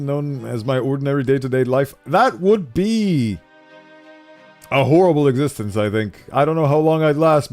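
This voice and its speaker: A man streaming a game, chatting casually and animatedly, self-deprecating and quick to laugh. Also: on the high side, darkish tone. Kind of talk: casual commentary while playing.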